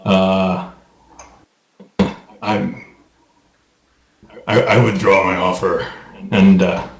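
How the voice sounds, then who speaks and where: A man's voice: low voice, level tone, extremely slow, roomy sound, low-quality recording. A man playing in a tabletop game, speaking hesitantly with stammers. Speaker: player. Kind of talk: casual tabletop play.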